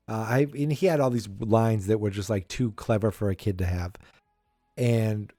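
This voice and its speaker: A man's voice: lowish voice, normal speed, mellow, no echo, clean studio sound. A man hosting a podcast, casually recapping a sitcom episode in a rambling, chatty way with wry asides. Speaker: podcast host.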